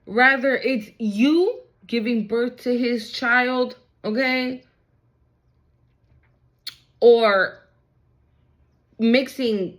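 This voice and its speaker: A woman's voice: fairly high pitch, rough recording. Hyped, foul-mouthed woman reading tarot. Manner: hyped, blunt and swearing, talks straight to viewers. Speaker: tarot card reader. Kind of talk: casual tarot reading to viewers.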